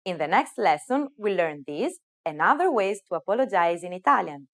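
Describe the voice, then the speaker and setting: Woman presenter, animated melodic delivery, clear and upbeat. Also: fairly low pitch. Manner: upbeat, clear, speaks target words slowly. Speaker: language teacher. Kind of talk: scripted lesson narration.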